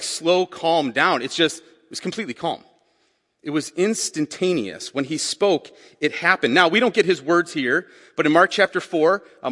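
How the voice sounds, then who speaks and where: A pastor preaches a conversational sermon, asking the congregation questions and repeating key phrases. His voice sits on the high side and sounds pushed and bright, with a long reverb tail.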